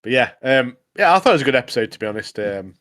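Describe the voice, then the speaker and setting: A man's voice: mid-range voice, sing-song, rapid-fire, fairly bright tone. Rambling man recapping an episode. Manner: rambling recap, many fillers like obviously and mate. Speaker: podcast co-host. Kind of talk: casual chat.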